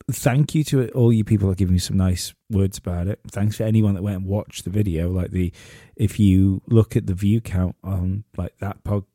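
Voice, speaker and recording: A man's voice: fairly low pitch, warm tone, no echo, studio quality. A man hosting a podcast, telling stories in a rambling way with many restarts. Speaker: podcast host. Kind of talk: casual podcast chat.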